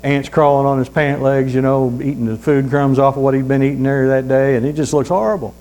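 A man's voice: mid-range voice, steady tone, a little mellow, poor audio. A man preaching a sermon in a folksy storytelling way, reading scripture aloud and dropping in amens. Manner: reads scripture aloud slowly.

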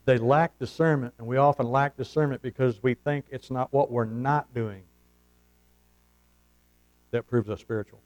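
A man's voice: medium pitch, moderate pace, long pauses, low-quality recording. A man preaching a sermon, telling folksy stories and calling out for amens. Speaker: pastor.

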